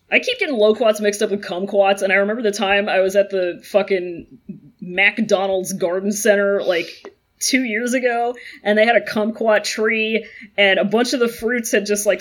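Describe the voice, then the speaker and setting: A woman's voice: mid-range voice, steady tone, moderate pace. A young woman co-hosting a casual chat, giggly and rambling through anecdotes with casual swearing. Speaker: podcast co-host.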